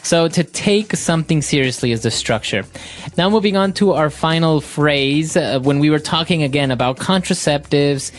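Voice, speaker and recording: A man's voice: a little high, normal speed. Man co-host guiding an English lesson. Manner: asks questions and sums up points. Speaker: podcast co-host.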